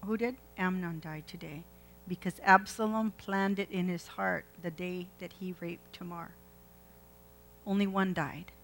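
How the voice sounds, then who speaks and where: A woman's voice: on the low side, steady tone, unhurried, fairly bright tone, a little hiss or hum, rough recording. A woman preaching a sermon, retelling a scripture story in a chatty way and putting questions to the congregation. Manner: conversational, asks the congregation questions.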